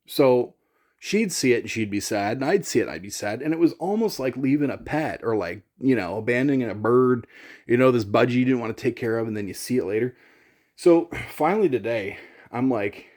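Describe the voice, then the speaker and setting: A man's voice: medium pitch, lively intonation, brisk, a little mellow. Rambling man vlogging. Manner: rambling, self-deprecating, many fillers and restarts. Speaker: gear vlogger. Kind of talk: casual talk to camera.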